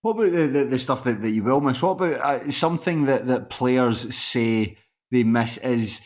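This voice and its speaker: A man's voice: mid-range voice, normal speed. A man from Scotland hosting a casual interview, asking questions with plenty of stumbling restarts. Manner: stammering restarts, friendly questions. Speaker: podcast host.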